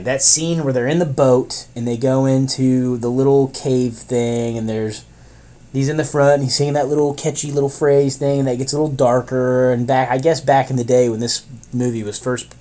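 A young man co-hosting a casual podcast, telling stories in an animated, profane, rambling way with big exaggerated groans. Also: mid-range voice. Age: young adult. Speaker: podcast co-host. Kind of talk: casual chat.

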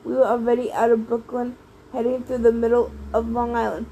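A woman doing lively audiobook narration, reading a story aloud. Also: on the high side, brisk, a little hiss or hum, low-quality recording. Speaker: audiobook reader.

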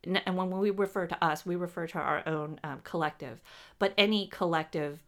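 A woman channeling spiritual teaching, speaking as a collective "we" in a measured, explanatory way. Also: lowish voice, steady tone.

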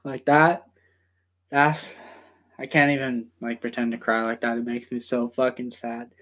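A young man hosting a casual podcast from home, rambling and swearing as he talks in quick bursts. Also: mid-range voice, little pitch movement, fairly bright tone. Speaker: podcast host.

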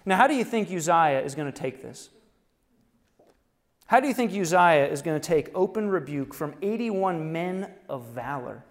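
A man's voice: a little high, animated, moderate pace. Man preaching in a reverberant hall. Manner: conversational preaching with rhetorical questions and chuckles. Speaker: pastor. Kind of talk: sermon.

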